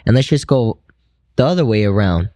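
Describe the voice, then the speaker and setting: Dark-voiced, laid-back young boxer. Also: male voice, on the low side, animated, moderate pace, no room sound, studio quality. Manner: laid-back, slangy, keeps adding "you know". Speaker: pro boxer, guest. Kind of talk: casual interview chat.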